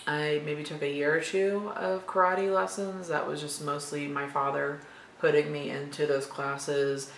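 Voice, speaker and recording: A woman's voice: sits low, little pitch movement, unhurried. A woman in her thirties from Florida casually reads tag questions aloud and answers them in a chatty, rambling way. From Florida, USA. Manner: chatty, rambling, matter-of-fact. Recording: echoey room with faint background noise.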